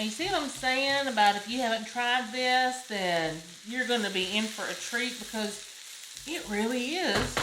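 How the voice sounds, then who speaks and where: A woman with a Southern US accent hosting a casual home cooking demonstration, chatty and folksy, exclaiming over the food. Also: a little high. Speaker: cooking show host. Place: home kitchen. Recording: roomy kitchen with loud frying noise. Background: sizzling pan and utensil clicks.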